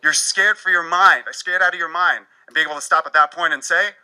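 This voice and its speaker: Male presenter, bright and forceful tone, animated and wry, slightly high voice. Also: fairly quick, few pauses, clean tone, poor audio. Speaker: speaker. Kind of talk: presentation talk.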